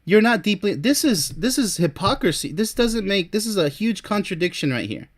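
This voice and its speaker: A man with a slightly high voice delivers a scornful, combative review of an article. He mocks the views he reads out and talks in a blunt, opinionated way. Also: sing-song, normal speed. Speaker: relationship commentator reviewing an article. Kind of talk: opinionated video commentary.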